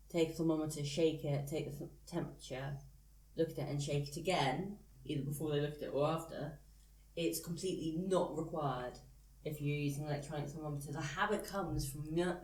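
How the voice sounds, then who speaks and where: A woman's voice: sits low, darkish tone, distant mic. A woman hosting a casual podcast, explaining things at length and laughing easily. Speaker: podcast host. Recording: roomy sound from off-mic.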